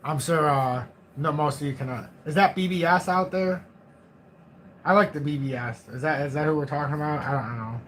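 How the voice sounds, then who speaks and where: A man's voice: a little high, moderate pace, fairly bright tone, slight background noise. A man in his forties hosting a crypto livestream, chatting casually in a rambling, joking, self-mocking way. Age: 40s.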